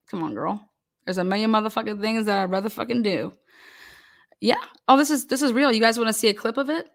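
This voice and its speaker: A woman's voice: fairly high pitch, quick pace, vocal fry. A woman hosting a live stream panel, telling an indignant, profane story and breaking into laughter. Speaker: livestream panel host.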